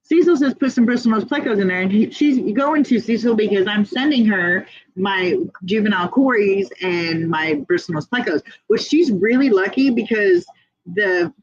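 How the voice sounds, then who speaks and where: With a medium pitch and lively intonation, an American woman speaks at a moderate pace while hosting a casual livestream. She laughs frequently and reads viewer comments aloud, and the muffled recording has no room sound.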